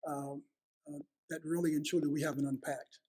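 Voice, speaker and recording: A man's voice: a little high, little pitch movement, fairly quick, darkish tone, husky. A man in his fifties hosting a heartfelt family conversation, earnest, often repeating words as he starts a thought. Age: 50s. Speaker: host.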